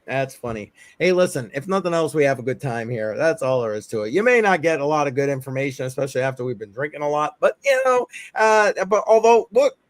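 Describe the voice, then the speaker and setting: A man's voice: mid-range voice, expressive, quick pace, hardly any pauses, dry recording. A man with a New England accent hosting a loose, casual livestream chat, rambling, repeating himself and laughing often. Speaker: host.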